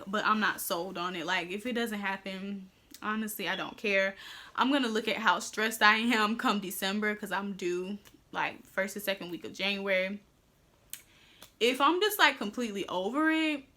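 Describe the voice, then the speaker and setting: A woman's voice: medium pitch, bright, forceful tone. A young woman chatting candidly to her viewers in a pregnancy update vlog, sounding a little winded. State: slightly out of breath. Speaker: vlogger.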